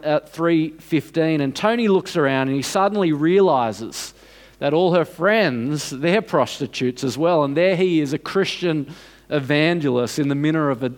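A man with a fairly high voice delivers a sermon as a story. He tells it in an unhurried, dramatic way and builds to emphatic points. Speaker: preacher.

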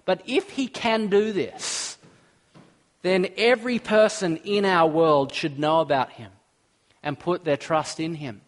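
A man's voice: on the high side, a little slow. Earnest man preaching a sermon. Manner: earnest, asks the listeners questions, reads scripture aloud.

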